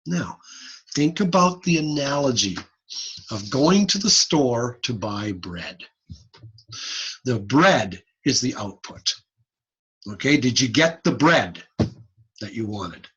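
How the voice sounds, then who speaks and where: A man giving an informal online lecture, lively and blunt, over a computer mic on a video call. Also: medium pitch, slow pace, pauses often, slightly rough, muffled recording. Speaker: audiology lecturer.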